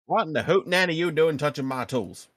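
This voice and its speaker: A man voicing a grumpy male dwarf blacksmith, loud and folksy as he shoos someone away. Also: on the high side, lively intonation, brisk, no room sound, studio quality, pitched above the performer's own voice. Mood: shouting.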